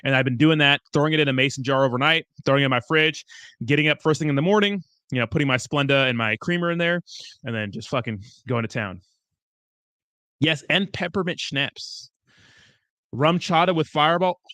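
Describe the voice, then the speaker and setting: A man's voice: fairly high pitch, a little fast, sharp tone, no echo, studio quality. A young man hosting a crypto livestream, chatting casually, reading viewer comments and rambling with lots of swearing. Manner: profane, rambling, loose and chummy.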